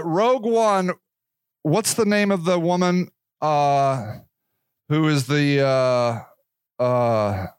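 A man's voice: medium pitch, no room sound. A man hosting a solo podcast, rambling and swearing as he loses his thread. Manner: rambling, profane, self-interrupting. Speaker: podcast host.

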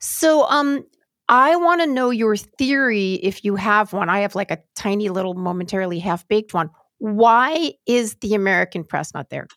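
Woman cohost, mid-pitch, chatty and encouraging, dry close mic. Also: moderate pace, fairly bright tone, no room sound. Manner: reactive, encouraging listener, easy laugh. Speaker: podcast co-host. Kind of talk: casual chat.

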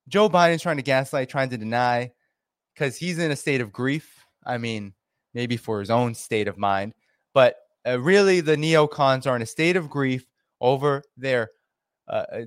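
A man's voice: on the high side, no echo, studio quality. A man hosting a solo political commentary, talking in an impassioned, repetitive way with many fillers.

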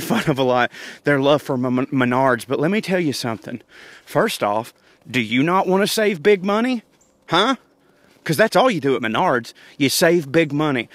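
Southern-accented male comic, rambling profane rant, a bit higher-pitched, dry and close. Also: no echo. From Georgia, US South. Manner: profane, rambling, self-mocking, laughs often. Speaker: comedian podcast host. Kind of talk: comedic rant.

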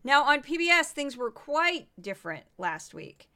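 A woman's voice: sits high, sing-song, measured pace, bright, forceful tone. A tired woman hosting a solo podcast, chatting through statistics with self-deprecating asides. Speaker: podcast host. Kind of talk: casual solo podcast commentary.

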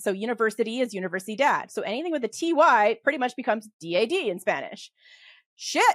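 A middle-aged woman with a Western Canadian accent, chatting as a podcast guest. She talks quickly and animatedly, laughs easily and keeps restarting her sentences, at a medium pitch. The sound is close and dry. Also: dry recording. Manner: fast, animated, laughs often, many restarts. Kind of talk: casual interview talk.

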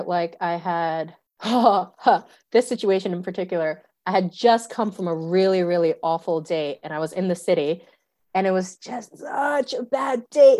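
A young woman, a stand-up comedian telling a story in casual chat, animated, full of fillers and swearing. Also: medium pitch. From New York City.

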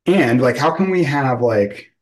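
A man's voice: medium pitch, lively intonation, measured pace, rough recording. A man interviewing a guest, talking loosely and searching for words, with many fillers. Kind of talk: casual conversational interview.

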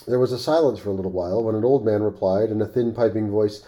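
A man reading a classic story aloud on his podcast, expressive, with offhand asides. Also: fairly low pitch, fast, hardly any pauses.

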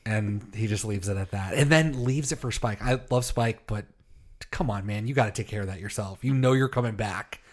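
A man's voice: fairly low pitch, a little fast. A man co-hosting a podcast in casual chat, laid-back and joking, often laughing as he talks. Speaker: podcast co-host.

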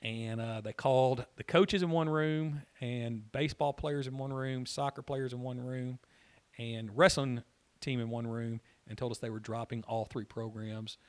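A man's voice: mid-range voice, fairly even intonation, moderate pace, dry recording. Middle-aged male coach, chatty, stumbles over his words, dry close-miked recording. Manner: rambling, repeats words, laughs easily. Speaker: college soccer coach, guest. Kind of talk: casual interview talk.

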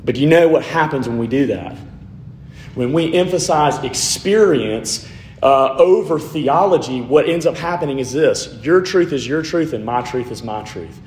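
A man's voice: mid-range voice, expressive, normal speed, darkish tone, echoey room, a little hiss or hum. A man, a pastor, preaching a sermon with emphatic repetition and rhetorical lists.

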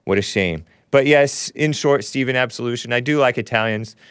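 A man hosting a call-in show, chatting casually, laughing often and jumping up in pitch now and then. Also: normal speed, fairly bright tone, clear, resonant tone, no echo, clean studio sound.

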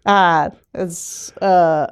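A woman co-hosting a podcast in casual political chat, animated and laughing often. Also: on the low side, very slow, clean tone. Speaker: podcast co-host.

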